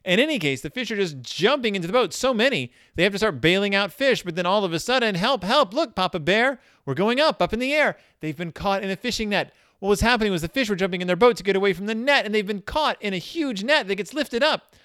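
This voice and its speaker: A man delivers a sarcastic, exasperated commentary on a children's picture book, scolding its characters as he goes. His pitch swings widely from low grumbles to high indignant bursts. The recording is dry and close. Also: animated, fast talker, hardly any pauses, fairly bright tone, clean tone, dry recording. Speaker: book reviewer.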